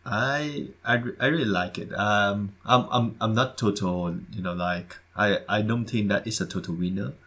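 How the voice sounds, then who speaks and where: Halting, low-voiced podcast man. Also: a bit bright. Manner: hesitant, repeats words, halting phrasing. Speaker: podcast co-host. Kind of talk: casual podcast chat.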